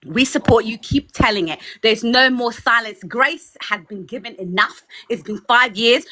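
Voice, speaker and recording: A woman's voice: a little high, normal speed, few pauses, sharp tone. A woman with an accent giving a fiery, preachy pep talk as a guest on a livestream. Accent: foreign accent. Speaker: guest speaker.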